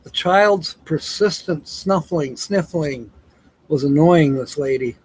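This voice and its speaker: A man's voice: a little high, takes it slowly, slightly rough, low-quality recording. A tired man hosting a casual livestream, telling jokes and reading viewer comments aloud with frequent chuckles. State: tired, yawning. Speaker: livestream host.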